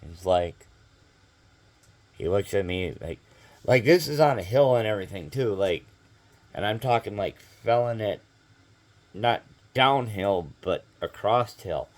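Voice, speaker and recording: A man's voice: on the low side, expressive, measured pace, pauses often. A man telling a rambling story to camera in a casual vlog, full of fillers and swearing. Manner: rambling, filler-heavy, profane.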